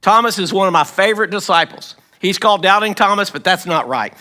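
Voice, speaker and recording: Male pastor, high bright voice, lively storytelling sermon, clears his throat often. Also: fairly quick. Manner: storytelling, acts out quoted lines, frequent throat clearing. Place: church.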